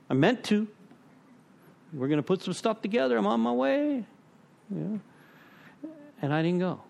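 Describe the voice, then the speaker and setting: A man's voice: sits high, gravelly, darkish tone. A man sharing his personal recovery story with a group, conversational and self-deprecating, full of "you know" and repeated phrases. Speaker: speaker at a recovery meeting.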